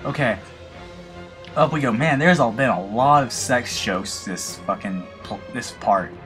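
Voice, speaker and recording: A man's voice: medium pitch, a little slow, soft background music. Nasal, swearing gamer guy with a lisp. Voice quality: slight lisp. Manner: loud, excitable, heavy swearing and jokes. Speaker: let's play gamer. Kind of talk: live gameplay commentary.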